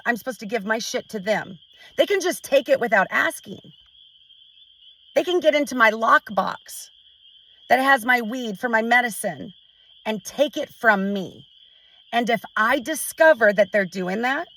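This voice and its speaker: A woman's voice: on the high side, fairly bright tone, recorded from a distance, low-quality recording. Frustrated woman venting to camera. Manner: frustrated, halting, with many restarts. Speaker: vlogger. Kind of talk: emotional personal vent to camera.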